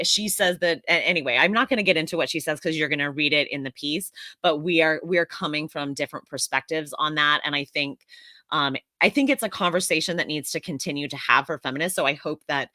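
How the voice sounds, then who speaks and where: A woman from the United States chats casually on a live stream. Her voice sits low but sounds bright and forceful, and she is earnest and reflective. The sound is dry and close. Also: dry recording. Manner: earnest and reflective, often restarting her sentences.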